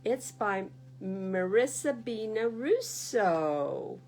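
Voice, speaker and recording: A woman librarian reading picture books aloud at a baby storytime, animated and sing-song, talking to little listeners. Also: medium pitch, extremely slow. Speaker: children's librarian.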